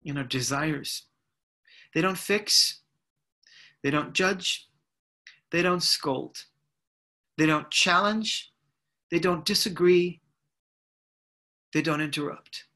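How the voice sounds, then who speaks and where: A man from Brooklyn giving an inspirational speech over a video call, in deliberate, repetitive, rhythmic phrases. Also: on the high side, pushed and bright. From United States (Brooklyn, New York). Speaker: inspirational speaker.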